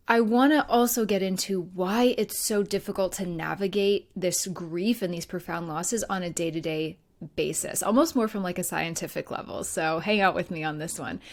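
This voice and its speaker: A woman hosting a podcast as a grief and life coach, talking in an earnest, conversational way with light laughs. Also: mid-range voice. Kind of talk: solo podcast talk.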